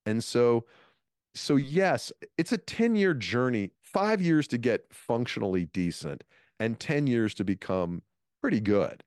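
A man in his fifties, a comedian guest, telling stories from his career in a lively interview. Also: mid-range voice, a little slow, clear, resonant tone, dry recording, clean studio sound. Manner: animated storyteller, restarts phrases. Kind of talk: storytelling interview talk.

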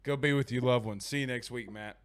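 A man's voice: medium pitch, brisk, clean tone. A man hosting a sports podcast, talking in brash, teasing casual chat and cutting in often. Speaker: podcast host.

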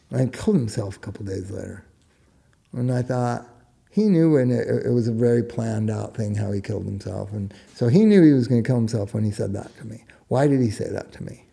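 A man's voice: on the low side, creaky, mellow. A middle-aged man talking frankly and earnestly in casual conversation, blunt and sometimes swearing. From United States. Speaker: guest speaking about his own life. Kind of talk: candid conversational talk.

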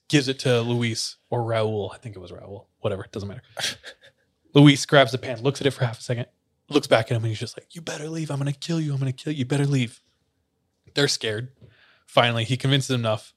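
A man's voice: medium pitch, a bit bright. Young man telling a story, laughing. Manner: laughs often, many "like" fillers. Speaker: podcast host. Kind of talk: casual storytelling.

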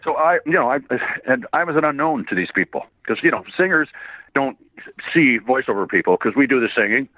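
A slightly hoarse man from Canada with a faint Irish trace, a voice actor and singer chatting as an interview guest, animated and laughing as he tells stories. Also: medium pitch, a little fast, no room sound. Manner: animated, laughing storyteller with frequent restarts. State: a bit hoarse. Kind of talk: casual interview chat. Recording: tinny phone-line sound.

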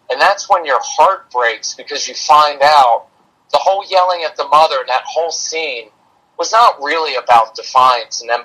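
Poor audio captures a fairly high-pitched man, a middle-aged parenting coach, recounting a personal story during a podcast interview. He brings it to life by animatedly acting out what he and his son said.

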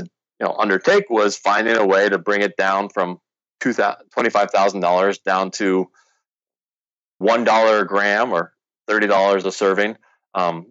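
A man's voice: lowish voice, a bit bright, no room sound, highs cut off. A man telling the story of the company he founded in a casual interview, rambling and full of fillers. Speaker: founder of a sports drink company.

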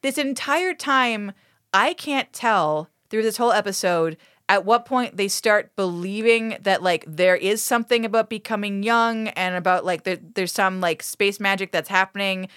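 A woman recapping a TV episode on a podcast, swearing a lot and acting out the characters' lines with big, animated energy. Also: mid-range voice, normal speed, clean tone, no echo, studio quality. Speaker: podcast co-host. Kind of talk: casual podcast recap chat.

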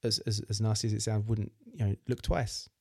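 A man's voice: on the low side, fairly quick, creaky, warm tone, breathy edge, no echo, studio quality. A man hosting a podcast, talking supportively with his guest and repeating words as he gathers his thoughts. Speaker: podcast host. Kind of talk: casual interview chat.

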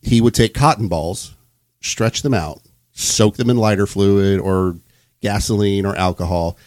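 A man's voice: on the low side, unhurried, a little mellow, dry recording. A man hosting a casual podcast chat, rambling loosely and laughing often. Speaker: podcast host.

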